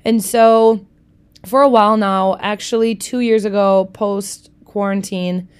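A young American woman talking on her own podcast in a casual, confessional way. Her voice is smooth and clear, and she swears freely and breaks into animated asides as she goes. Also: mid-range voice, unhurried. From United States. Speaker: podcast host. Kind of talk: casual solo podcast chat.

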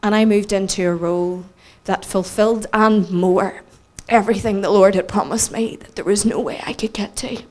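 A woman's voice: mid-range voice, normal speed, hardly any pauses. Northern Irish woman preaching with humour. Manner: animated, self-mocking storytelling with acted quotes. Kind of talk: storytelling sermon.

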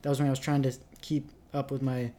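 A man's voice: medium pitch, level tone, fast, dark tone. Man from rural Canada, young, podcast co-host, casual rambling chat, laughs at himself. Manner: rambling, self-deprecating, laughs often.

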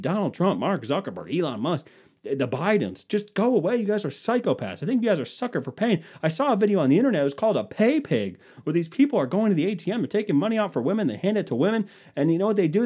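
A man's voice: a little high, breathy edge. Ranting young man podcasting solo. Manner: worked-up ranting, swinging between shouting and mumbling. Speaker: podcast host.

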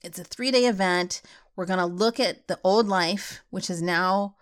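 A middle-aged woman hosting a podcast, talking casually and getting animated and worked up as she goes. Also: on the low side, moderate pace, clean tone. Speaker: podcast host.

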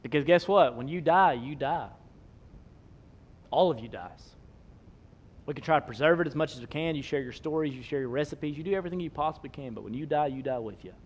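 A man, preaching a sermon, swinging between loud emphasis and soft low asides. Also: fairly quick. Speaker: pastor.

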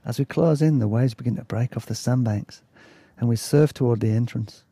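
A man's voice: medium pitch, a little fast, warm tone, slightly rough, no echo. A man reading his own travel memoir aloud in a laid-back, chatty way, breaking off for asides and self-corrections. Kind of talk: casual story reading.

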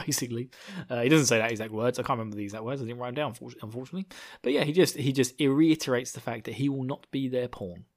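A man casually recapping a book chapter, rambling and laughing often, slipping into silly voices for the characters. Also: medium pitch. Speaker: book discussion podcaster.

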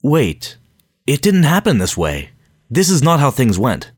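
A man's voice: medium pitch, huge pitch swings, measured pace, breathy edge, dry recording, studio quality, voice pushed up, full character voice. A man reading an audiobook, voicing the narrator's desperate, guilt-ridden male double in a shaken tone.

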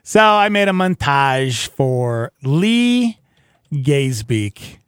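A man co-hosting a morning radio show, speaking casually and softly, moved at times. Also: medium pitch, sing-song, extremely slow, smooth, no echo, clean studio sound. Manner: soft-spoken, emotional.

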